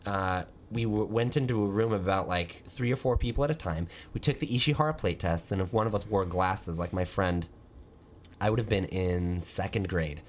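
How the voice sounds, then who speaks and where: A man hosting a podcast, telling an animated, self-mocking story in casual chat. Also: low voice, moderate pace, a little hiss or hum. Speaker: podcast host.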